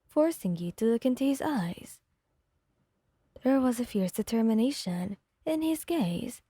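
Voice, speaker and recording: Woman reader for ASMR fanfic, soft steady narration, mellow dry voice. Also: a little high, husky, no echo.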